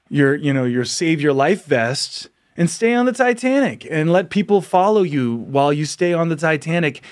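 A man hosting a podcast, delivering an impassioned monologue full of rhetorical questions and frequent laughs. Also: fairly high pitch. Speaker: podcast host.

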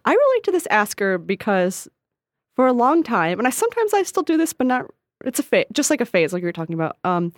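A woman co-hosting a casual advice podcast, chatty and animated, often laughing and acting out quotes. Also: a little high, fast, no room sound, studio quality. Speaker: podcast co-host.

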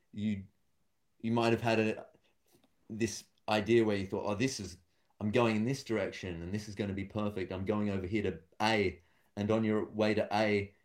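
A stand-up comedian appears as an interview guest, speaking casually and thoughtfully in a fairly low voice, with lots of fillers and restarts.

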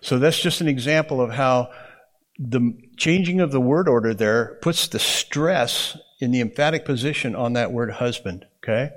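A man of ordinary pitch teaching a Bible class in a classroom. He explains in a relaxed, conversational way and often turns to the students with "okay?" or "right?". His voice sits in an unremarkable middle range. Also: normal speed.

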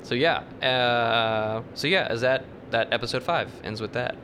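A man hosting a casual podcast chat, easygoing and steering the conversation. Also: unhurried. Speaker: podcast host. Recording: steady rumble in the background.

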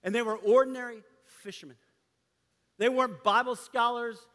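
Bright-voiced preaching man in a hall. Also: very high voice, steady tone, normal speed. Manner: impassioned preaching, swinging between loud and hushed. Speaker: pastor. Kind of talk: sermon. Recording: long hall reverb.

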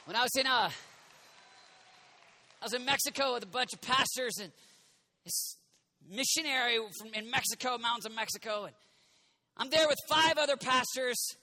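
Impassioned high-voiced young preacher man. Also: normal speed, pauses often, dry recording. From United States. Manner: impassioned, shouting and then dropping to a soft confiding voice. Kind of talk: sermon.

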